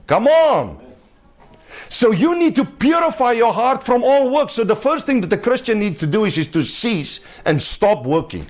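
A man with a notably high-pitched voice delivers a sermon to a small group gathered in a home. He preaches emphatically but conversationally, breaking into light laughter as he talks. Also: sing-song, normal speed.

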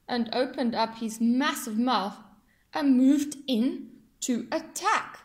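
A woman reading a rhyming children's picture book aloud in an expressive, sing-song way. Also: fairly high pitch, unhurried. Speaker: storyteller.

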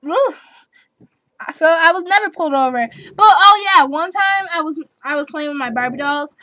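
Chatty eleven-year-old girl, high voice. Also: moderate pace, pushed and bright, dry recording. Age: child, eleven. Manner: chatty, giggly, rambling with restarts and repeats. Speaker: vlogger. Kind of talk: casual chat answering tag questions.

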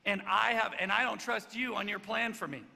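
A man's voice: high voice, steady tone, normal speed, creaky, bright, forceful tone, in a large hall, pitched above the performer's own voice, exaggerated voice. A man voicing a brash, loyal male disciple who protests emphatically. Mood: insistent.

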